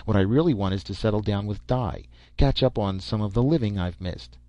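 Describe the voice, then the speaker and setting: A man voicing a sharp-witted male agent who speaks in a calm, measured, matter-of-fact way, recorded on a dull lo-fi track. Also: lowish voice, no echo, natural voice.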